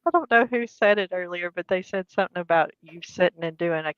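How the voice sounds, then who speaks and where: A woman's voice: fairly low pitch, fast, fairly bright tone, smooth, no room sound. A woman chatting casually as co-host, laughing often and reacting to the stories. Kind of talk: casual chat. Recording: dull, muffled lo-fi audio.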